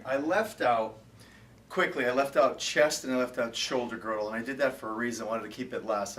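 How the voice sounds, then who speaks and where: A man's voice: medium pitch, distant mic, a little hiss or hum. Man coaching a workout in an echoey gym. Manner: counts reps out loud and gives short commands. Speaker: personal trainer. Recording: echoey gym, voice away from mic.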